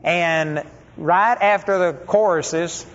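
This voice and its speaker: A man with a high-pitched, slightly bright voice preaches a storytelling sermon slowly, in a conversational, folksy way. The lo-fi recording sounds dull and has long hall reverb.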